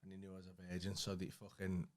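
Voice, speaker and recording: A man's voice: deep voice, completely flat delivery, fast. A young man, co-hosting a casual podcast and telling rambling, sweary anecdotes. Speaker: podcast co-host. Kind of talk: casual chat, storytelling.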